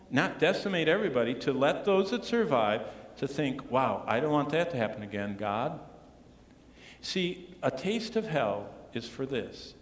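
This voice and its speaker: A man preaching a sermon as pastor, earnest, often dropping to a hushed tone to stress a point. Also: medium pitch, slight background noise. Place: church sanctuary. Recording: echoey church hall with long reverb.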